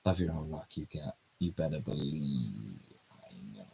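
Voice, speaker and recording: A man putting on a gruff, cocky tough guy who talks low and quiet, all smug menace. The voice sits below the reader's own, soft and growly. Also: lively intonation, normal speed, heavily acted, low-quality recording.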